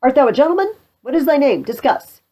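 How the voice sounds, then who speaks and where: A woman reading the part of a cowardly, boastful male soldier in a play, pushing her voice higher and louder. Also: big pitch swings, moderate pace. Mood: blustering. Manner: loud, high-pitched bluster.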